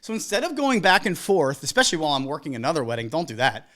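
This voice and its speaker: Animated wedding DJ podcast host with a lively, wide-ranging delivery who acts out the people in the stories. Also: mid-range voice, fast. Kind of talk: casual podcast monologue giving business advice.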